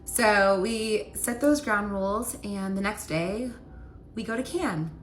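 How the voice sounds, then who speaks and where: A woman's voice: mid-range voice, takes it slowly, a little hiss or hum. A young woman casually telling a personal story, peppering her speech with "like" as she talks. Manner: casual, heavy use of "like" fillers.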